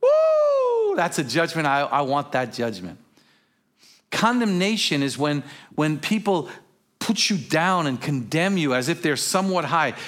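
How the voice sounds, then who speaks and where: A fairly high-pitched man preaches in an animated but measured way. As pastor, he goes from hushed, close remarks to sudden exclamations at full volume, adding casual storytelling asides.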